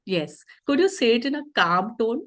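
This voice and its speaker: A woman with a fairly high voice leads teachers through an online session on a video call, speaking at a moderate pace. Her explanations are calm, punctuated by "okay?", and the audio is rough.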